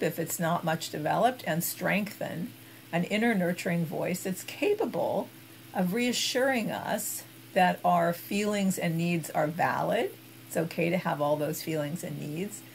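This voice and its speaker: A woman giving an instructional talk as an expert on emotional eating, guiding gently and unhurriedly with soft hesitations. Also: on the low side, gravelly, slight background noise, poor audio.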